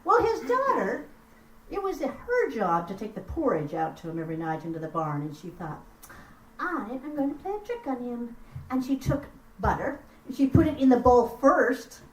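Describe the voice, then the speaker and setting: Brief: expressive woman storyteller at a house concert, animated delivery, roomy far-off mic. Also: sits high, normal speed, a little hiss or hum. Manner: expressive, lively, chats with the audience. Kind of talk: live storytelling performance.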